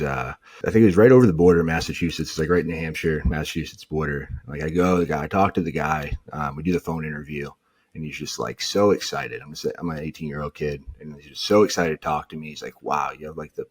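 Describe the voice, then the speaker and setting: A man's voice: a bass voice, slightly rough. A young man from New England, a podcast guest, telling stories in a casual way and acting out what others said. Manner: animated, acts out quotes of others. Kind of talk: casual storytelling.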